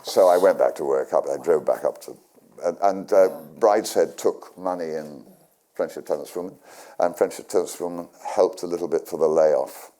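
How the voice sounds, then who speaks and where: A man's voice: deep voice, normal speed, dark tone, a little hiss or hum. An older man from England, guest at a stage interview, telling rambling anecdotes with restarts and dry humour. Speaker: guest actor. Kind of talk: storytelling on stage. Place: community centre hall with live audience.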